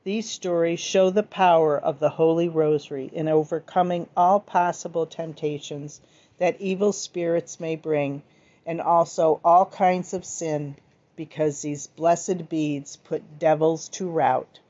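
A woman reading a devotional text aloud in a slow, earnest, gentle manner. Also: sits low, steady tone, lo-fi sound. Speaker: devotional reader.

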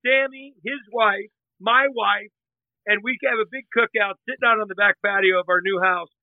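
A man telling casual stories as a guest, animated and doing quick voices of the people in them. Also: high-pitched, dry recording. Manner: animated, imitates others' voices in anecdotes. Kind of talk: casual storytelling. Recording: tinny phone-line sound.

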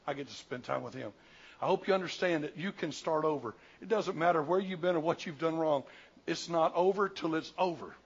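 A man in his sixties from the Southern United States, a pastor preaching a sermon, swinging from loud bursts to hushed, slow asides. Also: fairly high pitch, breathy edge. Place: church sanctuary. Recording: dull lo-fi church recording.

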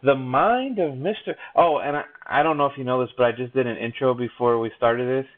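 A man's voice: medium pitch, fairly quick. A man hosting a podcast, chatting casually and teasing his guest in a rambling, joking way. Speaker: podcast host. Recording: tinny phone-like sound.

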